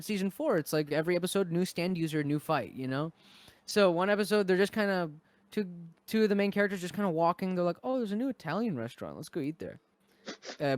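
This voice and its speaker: A man chatting casually on a podcast, retelling stories with lively acted-out quotes. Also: sits high, no room sound. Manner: animated storyteller, acts out quotes. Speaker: podcast cast member. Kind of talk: casual chat.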